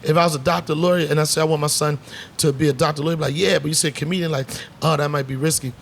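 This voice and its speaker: A man's voice: fairly high pitch, racing, gravelly, a little hiss or hum. A middle-aged man, a comedian, telling stories in a casual bar chat, acting out voices and swearing freely. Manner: animated storyteller, acts out voices, swears freely. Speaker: comedian guest. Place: bar set.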